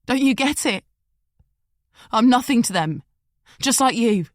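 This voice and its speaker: A woman voicing a frightened young female captive with a London accent, pleading in a high, tearful voice. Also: expressive, measured pace, no echo, clean studio sound. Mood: desperate.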